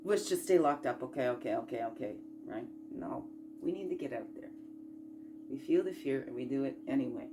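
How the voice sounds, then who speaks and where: A woman hosting a casual self-growth chat, folksy and encouraging, rambling through asides and rhetorical questions, sometimes bursting out loud and sometimes dropping to a murmur. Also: extremely low pitch, lively intonation, fairly quick, over music. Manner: swings between loud bursts and quiet murmurs. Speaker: spiritual self-growth host.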